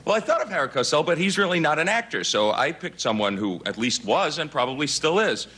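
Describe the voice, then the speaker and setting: A man's voice: on the high side, very animated, brisk. A man on a game show panel, quipping and making puns. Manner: quippy, punning. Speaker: celebrity panelist. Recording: loud studio audience and noise.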